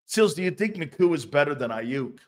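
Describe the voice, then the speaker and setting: Fan comments get loose, profane reactions from this sports talk show host, who laughs often and breaks into loud outbursts. His animated voice is a little high and moves fairly quickly.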